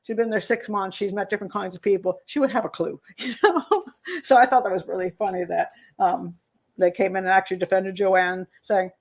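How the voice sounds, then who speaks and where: A woman's voice: medium pitch, steady tone, a little fast. An older woman, a criminal profiler hosting a live show, chatting casually as she reads viewer comments, rambling with lots of fillers and little laughs. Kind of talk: casual live-stream commentary reading chat.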